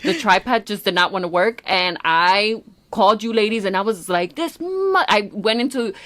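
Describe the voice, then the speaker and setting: A woman co-hosts a casual podcast, telling lively stories. She swears freely and acts out quoted lines in her own voice. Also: medium pitch, normal speed. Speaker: podcast co-host. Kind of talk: casual chat.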